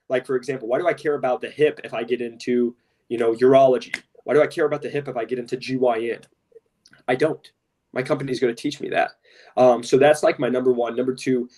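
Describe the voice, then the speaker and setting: A man's voice: medium pitch, a little mellow, distant mic. A man co-hosting a podcast in casual talk, blunt and impassioned, often saying "literally" and "straight up". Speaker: podcast co-host.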